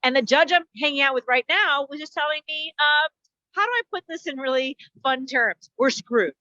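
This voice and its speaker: A woman's voice: high voice, moderate pace, pushed and bright, no room sound, highs cut off. A woman comedian delivering a wry, chatty stand-up monologue over a video call.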